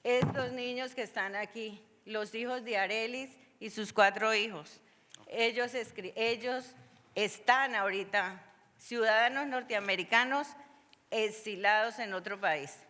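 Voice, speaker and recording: A woman's voice: a little high, moderate pace, sharp tone. A woman pleading passionately with council members during public testimony. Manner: impassioned, pleading. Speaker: public commenter. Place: large council chamber. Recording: long hall reverb.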